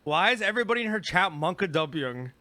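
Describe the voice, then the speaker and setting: A young man commenting on a clip he is watching, firing off quick, exasperated protests. His voice is fairly high and bright, and he rattles through his words at a very fast clip. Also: expressive. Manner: quick, exasperated, defensive interjections. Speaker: streamer reacting to a clip. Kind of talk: reaction commentary.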